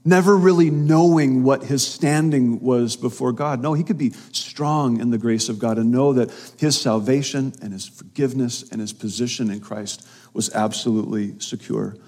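A man's voice: medium pitch, normal speed, a little mellow. A man preaching a sermon, emphatic and fond of repeating phrases for stress. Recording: long reverb of a hall.

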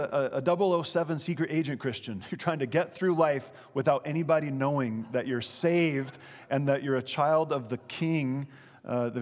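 A man preaching a sermon as pastor, earnest and conversational, full of rhetorical questions. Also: a little high. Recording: long hall reverb.

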